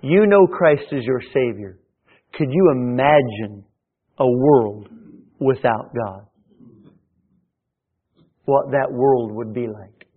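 A man's voice: medium pitch, slow, pauses often, slightly rough. A man preaching a sermon as pastor, swelling in volume at times and often restarting his phrases. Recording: tinny phone-like sound.

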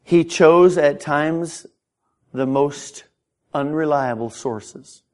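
A middle-aged man preaching a sermon in a church. His delivery is impassioned, with frequent stammered restarts, and his pitch climbs when he gets stirred up. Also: extremely slow, darkish tone. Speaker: pastor. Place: church sanctuary.

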